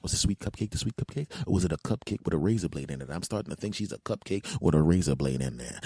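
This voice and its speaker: A man hosting a podcast, telling a comic story in an animated, self-mocking way and acting out voices. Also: sits low, fast talker, hardly any pauses, slightly rough, no echo, studio quality. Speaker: podcast host. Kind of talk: comedic storytelling monologue.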